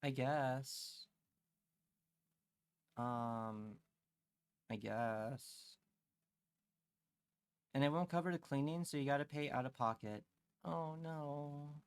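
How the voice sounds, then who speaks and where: A man's voice: medium pitch, takes it slowly, pauses often, clear, resonant tone, no echo. A man streaming a comic rant, rambling with many fillers and repeated phrases.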